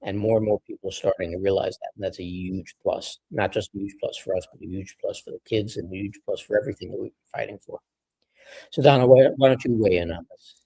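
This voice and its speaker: A man hosting a panel discussion, talking in a measured, conversational way and bringing guests in. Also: lowish voice, gravelly, dark tone, slightly rough, no echo, poor audio. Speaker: show host.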